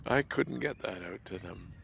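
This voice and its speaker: A man talking in a confessional monologue, halting and repetitive, his voice often trailing off into soft near-whispers. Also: low voice, expressive, gravelly, slight background noise.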